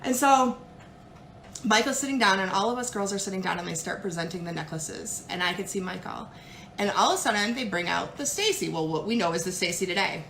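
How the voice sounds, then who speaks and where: A woman jewelry consultant telling a story in a casual, animated way, acting out the people she quotes. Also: medium pitch, fairly quick, vocal fry, roomy sound, slight background noise. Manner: animated, dramatic retelling with put-on quoted voices.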